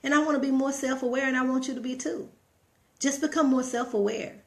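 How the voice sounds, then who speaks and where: A woman's voice: high voice, fairly quick. A middle-aged woman with a Texan accent talks to her live viewers in a preachy, motivational way. She circles back to the same points and keeps asking rhetorical questions. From Texas. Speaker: vlogger. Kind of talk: motivational live-stream monologue.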